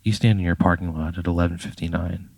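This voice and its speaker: A man's voice: deep voice, fairly even intonation, quick pace, vocal fry, darkish tone, no room sound. A man spinning an improvised story in a loose, casual way, swearing and saying "like" and "you know" a lot. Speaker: podcast storyteller.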